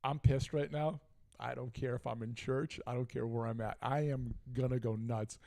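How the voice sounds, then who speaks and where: Middle-aged man, mid-pitched, casual talk-show storyteller who gets worked up retelling a feud. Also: normal speed, creaky. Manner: animated, heated retelling with frequent asides. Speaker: podcast co-host.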